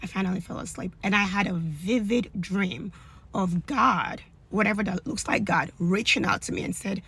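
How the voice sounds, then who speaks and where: Young woman, emphatic testimony, bright and breathy tone, animated delivery. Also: medium pitch, normal speed. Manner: animated, emphatic storytelling with repetition. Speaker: storyteller sharing a testimony. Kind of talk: casual personal testimony video.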